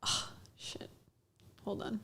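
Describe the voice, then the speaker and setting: A woman's voice: slow pace, sharp tone. A woman hosting a livestream in casual chat, joking and bantering with her guest. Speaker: livestream host.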